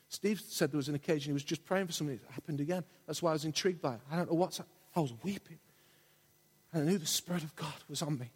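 A man preaches with fervour, his voice husky and a little high for a man. He leans on repetition to drive his points home. A long church hall reverb trails every phrase. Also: fast talker. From England. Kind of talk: sermon.

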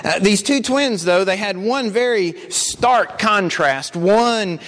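A man's voice: high voice, animated, slow pace, fairly bright tone, long reverb tail. A male preacher giving an earnest sermon, telling stories and often repeating words. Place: church.

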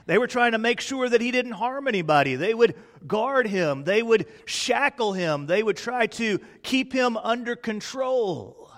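A pastor preaching a sermon in a dramatic way, swinging from loud declarations to hushed, quiet lines. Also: male voice, extremely high pitch, expressive, measured pace, hardly any pauses. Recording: long reverb in a large hall.

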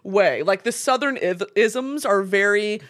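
A woman's voice: mid-range voice, unhurried, fairly bright tone. A young woman chatting as a podcast guest, wry, sarcastic and playful. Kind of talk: casual podcast chat.

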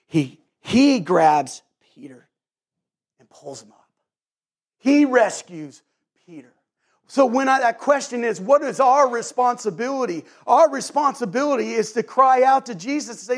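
A male pastor delivers a sermon in a fairly high voice. He speaks earnestly, often stumbling and restarting his phrases as he gathers his thoughts. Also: lively intonation. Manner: earnest, halting with many restarts and repeated words.

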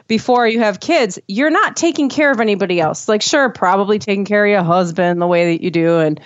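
A woman's voice: mid-range voice, fairly quick, no echo, highs cut off. A woman, a mother of two, talking in a casual podcast conversation, rambling with lots of fillers and restarts. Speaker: mother of two sharing parenting experience.

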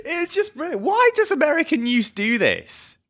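A British podcast host in casual chat with a very lively, swooping delivery. This speaker tells stories with animation and drops into mimicking other voices. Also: high-pitched, moderate pace. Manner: animated storyteller who slips into mimicry.

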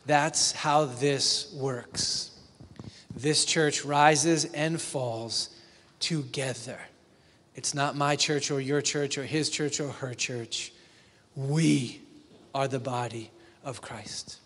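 A man's voice: fairly high pitch, steady tone, slow. A man preaching a sermon as a pastor, conversational, often asking the congregation questions. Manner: conversational, asks the congregation questions, acts out silly quotes. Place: church hall with long reverb. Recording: reverberant church hall.

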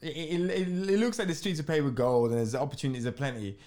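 A man's voice: a little high, quick pace. A middle-aged man, an actor and guest, chatting casually and acting out his stories with little voices. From England. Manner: animated storyteller, acts out scenes with voices. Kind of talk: casual chat.

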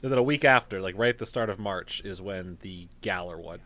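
A man's voice: low-pitched, fairly quick, a bit bright. A man co-hosting a casual podcast, joking around in a playful way. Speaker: podcast co-host. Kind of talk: casual chat.

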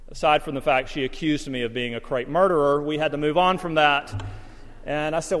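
Male pastor, slightly raised pitch, folksy and self-deprecating, long church-hall reverb. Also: fairly quick, fairly bright tone. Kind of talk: sermon.

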